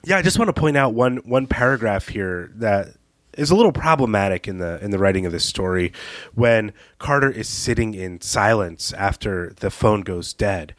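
A male podcast host with a low voice who discusses writing thoughtfully and often pauses to search for words. His tone is casual. The recording is dry and close. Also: animated, dry recording. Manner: thoughtful, hesitant, with fillers and laughs.

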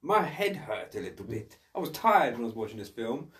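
A man co-hosting a casual film review podcast, chatty and quick to exclaim. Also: medium pitch, sing-song, fairly bright tone, recorded from a distance. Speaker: podcast co-host.

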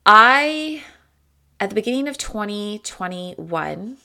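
A woman hosts her own solo podcast, chatting candidly, swearing freely and laughing often. Her medium-pitched voice is pushed and bright, with vocal fry and big pitch swings, and she speaks slowly.

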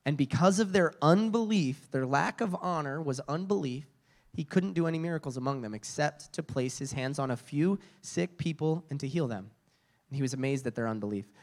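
A man's voice: fairly high pitch, lively intonation, brisk, a little mellow. A man preaching a sermon, telling stories with frequent restarts and repeated words.

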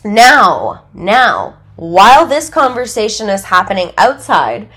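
A woman's voice: mid-range voice, sing-song, takes it slowly, a bit bright. Chatty young woman recapping TV. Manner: chatty, full of "like" fillers, laughs while telling. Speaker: podcast host. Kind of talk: casual reality-TV recap.

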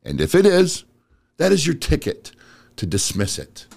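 Animated blunt man giving a pep talk. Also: on the high side, moderate pace, gravelly. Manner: blunt, direct, street-casual, addresses audience as bro and guys. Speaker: motivational speaker and auto business owner. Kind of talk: casual motivational talk to viewers.

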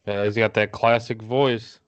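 A man's voice: lowish voice, level tone, a little slow, no room sound, muffled recording. A man co-hosting a podcast, chatting casually about baseball, laid-back and jokey, often laughing. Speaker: podcast co-host. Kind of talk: casual chat.

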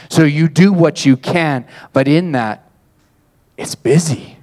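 A man's voice: on the high side, slow. A man preaching a conversational sermon, repeating phrases and acting out gasps as he tells a story. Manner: conversational, repetitive, animated storytelling with acted gasps. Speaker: pastor.

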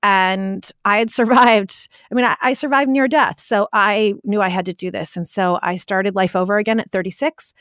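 A woman in her forties tells her life story to an interviewer in a lively, conversational way, full of "like" and quick asides. Her voice sits at a middle pitch, and the sound is close and dry, with no room around it. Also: no room sound. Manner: animated, vivid storyteller with frequent "like" fillers.

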